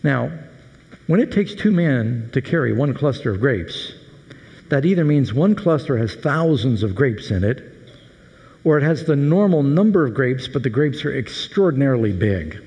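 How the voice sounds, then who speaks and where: A man's voice: medium pitch, expressive, normal speed, darkish tone. A male pastor preaching a sermon, telling the story with humor and animation in a large hall. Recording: echoey hall reverb.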